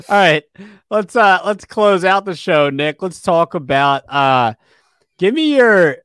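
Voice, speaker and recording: A man's voice: high voice, slow, clear, resonant tone, no echo. A man in his twenties co-hosting a sports podcast, chatting casually and telling stories with many fillers. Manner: relaxed, storytelling with fillers. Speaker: podcast co-host.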